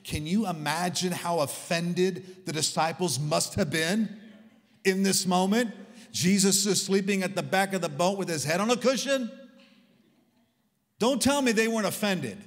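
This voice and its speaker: A man preaching a sermon in a church, talking in an animated, conversational and humorous way with sarcastic asides. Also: high voice, unhurried, in a large hall. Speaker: guest preacher. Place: large church hall.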